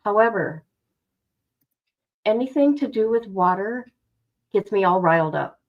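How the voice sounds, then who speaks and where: A woman's voice: medium pitch, animated, measured pace, dull audio. Woman streaming, super dramatic, gasping at stuff and chatting with her viewers. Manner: dramatic, exclamatory, talks to herself. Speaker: livestream host. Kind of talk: casual livestream chat. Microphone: no headphones, device mic.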